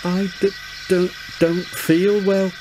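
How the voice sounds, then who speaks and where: Grumpy old storybook engine, low and slow, voiced by a male narrator. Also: big pitch swings, background noise. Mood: quavering. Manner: grumbling, huffy. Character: grumpy, proud older male steam engine.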